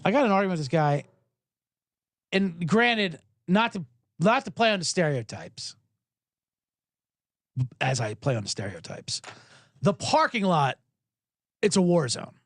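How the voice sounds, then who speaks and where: A man hosting a sports podcast, telling a comedic rant, profane and animated, acting out both sides of an argument. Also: high voice, moderate pace, long pauses, no room sound, studio quality.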